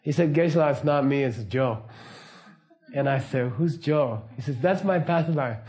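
A middle-aged man giving a casual, anecdotal teaching talk, relaxed and laughing often. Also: fairly high pitch, normal speed. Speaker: Buddhist teacher.

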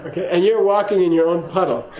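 A man's voice: high-pitched, fairly even intonation, fast, echoey room, muffled recording, crowd noise. A man giving a casual spoken teaching to a class, chatty and laughing, often checking in with "okay?". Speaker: Buddhist teacher.

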